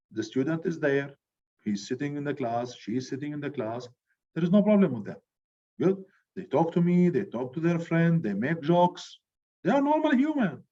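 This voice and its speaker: A middle-aged male teacher lectures his class loudly and with plenty of energy. He keeps pausing to check in with the students. The recording is dull and lo-fi, and his voice sits at a middle pitch. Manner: loud, animated, repeats "good" as a check-in.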